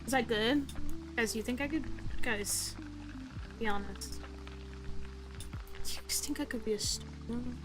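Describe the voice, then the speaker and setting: A woman's voice: fairly high pitch, a little slow, pauses often, music in the background, poor audio. A young woman streaming while she draws, chatting casually in a rambling, self-deprecating way full of fillers. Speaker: art streamer.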